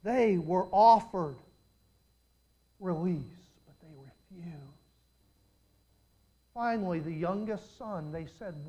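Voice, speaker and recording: A man's voice: sits high, lively intonation, slow, long pauses, mellow, poor audio. An older man preaching a sermon, telling dramatic stories and putting questions straight to his congregation.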